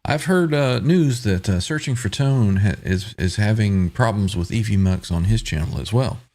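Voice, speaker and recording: A man's voice: fairly low pitch, moderate pace, darkish tone. A man hosting a casual live stream, reading out viewer comments and chatting with guests. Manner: reads viewer comments aloud, laughs often. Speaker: host reading live chat.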